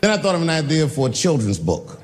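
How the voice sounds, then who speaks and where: A man performing a stand-up comedy set, telling stories with shouted bits and acted voices. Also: fairly high pitch, fast, big-room sound, noisy background. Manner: animated storytelling, voices and shouts.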